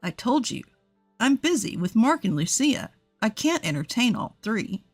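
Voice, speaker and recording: A man's voice: sits high, sing-song, a little slow, faint music behind, exaggerated voice. A woman voicing a cold, dismissive adult husband who brushes off his family in short, curt lines.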